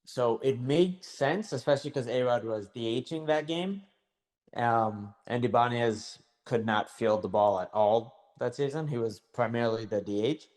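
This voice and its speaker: A man's voice: medium pitch, moderate pace, a little mellow. Man recalling details in casual chat. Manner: recalls details carefully, with fillers and restarts. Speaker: podcast co-host.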